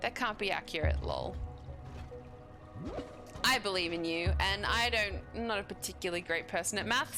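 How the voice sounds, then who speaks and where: A woman's voice: mid-range voice, very animated, moderate pace, long pauses. A young woman streaming a video game live, chatting to her viewers and reacting aloud as she plays. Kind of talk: live gameplay commentary. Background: game music.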